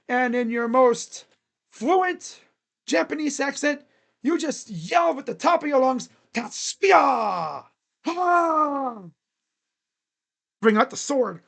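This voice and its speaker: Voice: medium pitch, vocal fry. Jokey sports streamer giving baseball picks. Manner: jokey, rambling, breaks into shouted bits. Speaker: sports channel host. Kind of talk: casual live-stream commentary on baseball free agents.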